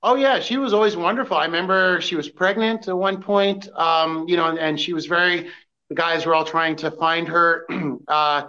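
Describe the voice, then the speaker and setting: A man with a slightly raised voice recalls his paparazzi years in a relaxed chat. He keeps stopping and restarting his sentences, and the recording sounds somewhat dull. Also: a little high. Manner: halting, many fillers and restarts. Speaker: former paparazzi photographer guest. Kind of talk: casual podcast storytelling.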